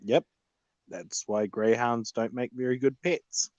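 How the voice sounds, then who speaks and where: A man's voice: medium pitch, fairly even intonation, measured pace, darkish tone, no room sound, muffled recording. A man co-hosting a livestream, chatting casually and tossing in dry, blunt quips. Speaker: livestream co-host. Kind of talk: casual chat.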